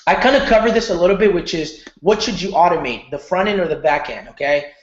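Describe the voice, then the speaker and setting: Animated marketing coach in echoey room. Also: male voice, high-pitched, fast talker, dull audio. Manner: animated, repeats "okay?", loose slangy talk. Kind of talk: casual training lecture.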